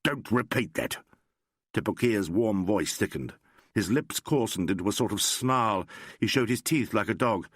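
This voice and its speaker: A man narrating an audiobook in a measured storytelling manner. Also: lowish voice, dry recording, clean studio sound. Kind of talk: scripted narration.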